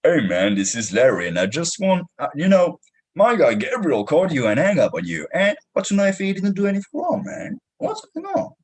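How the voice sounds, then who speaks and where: A man's voice: a little high, wildly swooping pitch, a little fast, a little mellow, slightly rough, pitched above the performer's own voice, full character voice. A man with a French accent voicing a friendly male sales colleague who calls back a prospect in a casual, buddy-like way. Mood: chummy.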